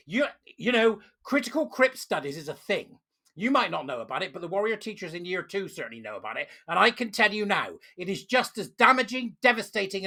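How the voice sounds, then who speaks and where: Furious commentator, gravelly edge. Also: mid-range voice, bright, forceful tone. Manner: furious, ranting, emphatic. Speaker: online commentator. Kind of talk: angry opinion rant to camera.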